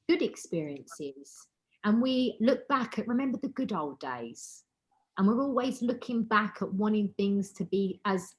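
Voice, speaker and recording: An earnest woman hosts a wellbeing circle over a video call, speaking with open emotion. She leans on repeated words to stress her points and keeps a steady mid-range pitch. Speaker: host of an online women's wellbeing meeting. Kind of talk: heartfelt motivational talk on a video call.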